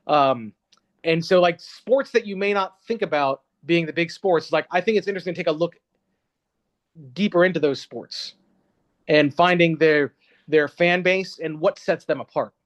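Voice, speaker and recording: A man's voice: a little high, moderate pace. A man, a reporter, talking casually as an interview guest, wandering through his answers with many fillers and restarts. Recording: dull, lo-fi sound.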